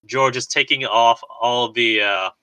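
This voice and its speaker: A man's voice: medium pitch, fairly even intonation, a little slow, sharp tone, clean tone, poor audio. A man co-hosting a podcast, casually recapping a movie scene by scene with lots of fillers and laughs. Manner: rambling, laughs often, lots of "like" and restarts. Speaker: podcast co-host. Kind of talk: casual chat recapping a film.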